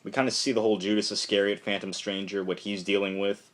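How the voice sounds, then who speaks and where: A man's voice: lowish voice, level tone, quick pace, a bit bright. A young man casually reviewing a comic book, rambling with many fillers and acting out the characters' lines.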